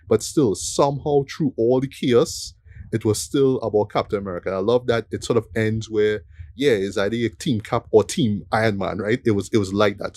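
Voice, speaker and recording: A man's voice: medium pitch, a little mellow, dry recording. A man hosting a casual film review podcast, rambling with many fillers and "right?" tag questions. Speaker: podcast host.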